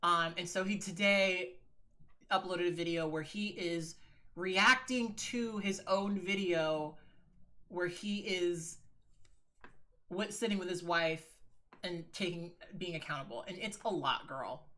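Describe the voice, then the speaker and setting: Woman livestreamer, lowish bright tone, frank chatty delivery, swears freely, addresses viewers as girl. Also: slow pace. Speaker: livestreaming video creator. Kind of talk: casual livestream chat.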